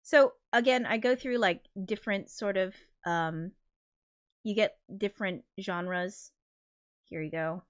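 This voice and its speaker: A woman's voice: mid-range voice, unhurried, clear, resonant tone. A woman hosting a casual livestream, reading viewer comments aloud and reacting with shocked exclamations and laughter. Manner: chatty and rambling, with loud shocked reactions and laughter. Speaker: livestream host and composer.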